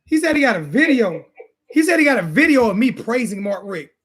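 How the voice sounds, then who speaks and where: A man's voice: very high-pitched, very animated, fairly quick, a bit bright, breathy edge. Fired-up man ranting about football. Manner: repetitive, insulting, fired-up ranting. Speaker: sports talk show host. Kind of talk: heated casual sports rant.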